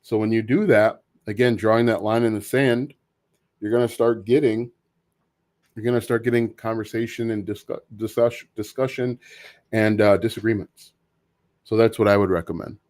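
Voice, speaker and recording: A man hosting a casual live Q&A stream, talking in an opinionated, halting way with many restarts. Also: on the low side, steady tone, a little mellow. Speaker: livestream host answering viewer questions.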